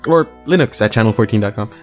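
A man's voice: fairly low pitch, animated, quick pace, soft background music. A man co-hosting a casual podcast, chatting loosely and spelling out web and email addresses. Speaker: podcast co-host.

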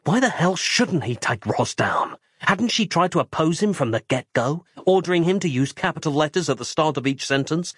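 A man narrating a horror audiobook in a dramatic, measured reading. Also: fairly high pitch, no room sound, clean studio sound.

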